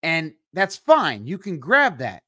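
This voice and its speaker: Male podcast co-host, slightly high-pitched, dry studio sound; reads scripture deliberately and then comments casually. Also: huge pitch swings, sharp tone, no echo. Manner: reads verses slowly, then comments in quick asides. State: tired, yawning. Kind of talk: casual Bible study talk, reading scripture aloud.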